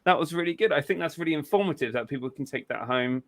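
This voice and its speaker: A man's voice: a little high, quick pace, a crowd in the background. A man hosting a casual podcast chat. He swears freely, repeats himself and talks in a loose, informal way. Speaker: podcast host.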